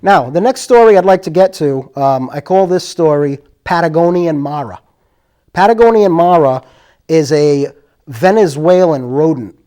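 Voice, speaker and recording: A man with a slightly high voice talks through his stories casually. He rambles and circles back, but he stays earnest throughout. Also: expressive, moderate pace, dark tone. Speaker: host. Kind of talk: casual storytelling.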